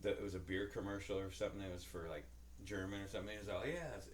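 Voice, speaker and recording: A man's voice: lowish voice, expressive, quick pace. A man co-hosting a podcast in casual chat, joking around and slipping into exaggerated voices when retelling things. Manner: jokey, does exaggerated character voices in retellings. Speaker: podcast co-host. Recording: roomy echo, faint ambience.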